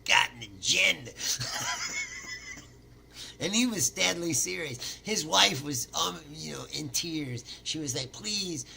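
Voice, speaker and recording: A man hosting his own show, talking in a crisp, bright, gravelly voice. He rambles, swears freely and chuckles at his own jokes as he tells a story, with a faint hum of noise behind him. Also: a little high, expressive, slow, pauses often. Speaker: podcast host. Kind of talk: casual monologue, storytelling.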